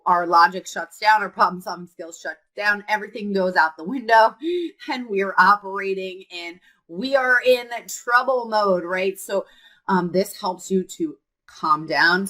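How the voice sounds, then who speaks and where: A woman in her thirties talks straight to camera as a mom coach. Her voice is bright and somewhat low-pitched. She speaks earnestly, checks in with "right?" and fills pauses with "um". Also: rough recording. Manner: earnest, repeats "right?" often, filler "um". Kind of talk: casual advice vlog.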